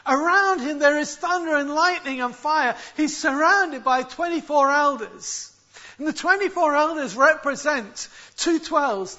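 A man preaching with a very high, bright and forceful voice. He explains his text emphatically and often restarts words mid-phrase. The recording sounds a little dull and lo-fi. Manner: expository, emphatic, with frequent restarts. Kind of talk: sermon.

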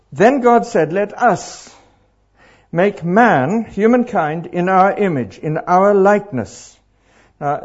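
A middle-aged man preaching to a congregation, animated and throwing questions out to the crowd. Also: on the high side, slightly rough. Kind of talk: interactive sermon. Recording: dull lo-fi live recording.

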